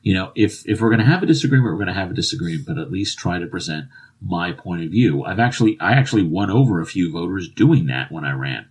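A man's voice: deep voice, animated, fast talker, husky. A man co-hosting a political podcast who once ran for office, making his points earnestly and at length. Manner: earnest, argues in long stretches with restarts. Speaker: podcast co-host, former political candidate. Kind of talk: casual political chat.

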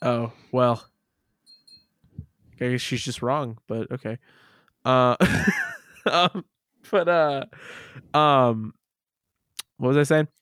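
A man's voice: mid-range voice, fairly even intonation, extremely slow, pauses often, a bit bright, clean tone, no echo, studio quality. A man hosting a casual podcast, rambling and self-deprecating, laughing often as he loses his train of thought. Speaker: podcast host.

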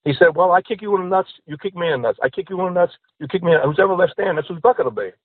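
A stand-up comedian with a high, slightly rough voice talks rapid-fire in a casual podcast chat, acting out the characters in his jokes. The dry recording sounds tinny, like a phone line.

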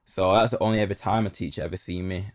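A man's voice: deep voice, steady tone, fast talker. A young man, telling a casual story full of slang and repeated phrases.

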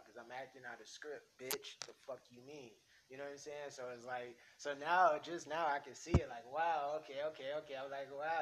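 A man hosting a casual home podcast, talking in a soft, rambling, slangy monologue. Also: medium pitch, steady tone, fairly quick, hardly any pauses, background noise. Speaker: podcast host. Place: home room.

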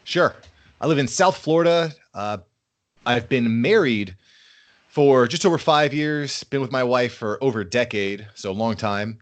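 A man in his thirties guesting on a casual podcast, his voice at an ordinary middle pitch. He talks upbeat and enthusiastic, warming to his subject as he goes. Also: animated, a little slow. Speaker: podcast guest, fatherhood brand founder. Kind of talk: casual interview conversation.

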